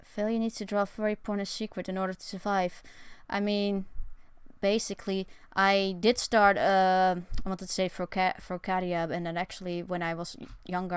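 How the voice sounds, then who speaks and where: Sarcastic young woman streamer, smooth dry voice. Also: on the low side, level tone, moderate pace, dry recording. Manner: rambling, sarcastic, self-mocking. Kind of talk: casual live-stream chat. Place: her own bedroom.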